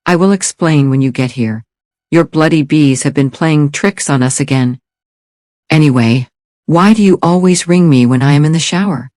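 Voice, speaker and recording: A man's voice: fairly high pitch, moderate pace, darkish tone, no room sound, studio quality, lightly acted. A man voicing a cheerful, joking male deputy sheriff, teasing and bantering.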